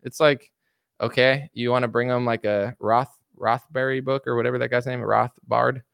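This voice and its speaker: A livestream commentator goes on a casual political rant, reading chat and answering viewers' comments off the cuff in a loose ramble packed with fillers and restarts. His mid-range voice is smooth, resonant, steady and a bit bright, at normal speed. It's recorded close and dry, with no room echo.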